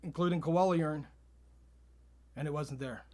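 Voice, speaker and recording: Deadpan male podcast co-host, fairly high voice, straight-faced storyteller. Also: normal speed. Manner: deadpan, spins absurd tall tales with a straight face.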